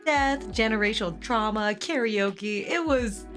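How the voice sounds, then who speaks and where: With faint music playing behind her, a young woman streaming live shares a family anecdote with her chat. Her voice is fairly high, unhurried, and a bit hoarse from karaoke, and she laughs frequently and swears casually.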